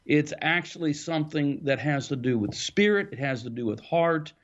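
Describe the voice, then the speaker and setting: A man's voice: fairly high pitch, moderate pace. Thoughtful male author on a muffled line. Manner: thoughtful, storytelling, with occasional soft laughs. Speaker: author and interview guest. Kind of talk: reflective interview answers.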